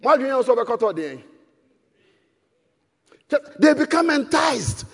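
A man with a Ghanaian accent preaching a sermon, shouting for emphasis and switching between English and Twi, in a hall with long reverb. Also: very high voice, very animated, slow pace, slightly rough.

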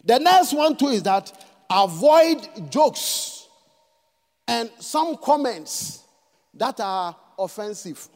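A man's voice: very high voice, big pitch swings, slow, a little mellow, in a large hall. A man with a Ghanaian accent preaching a sermon in a church, switching between English and Twi and prompting the congregation to answer. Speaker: pastor.

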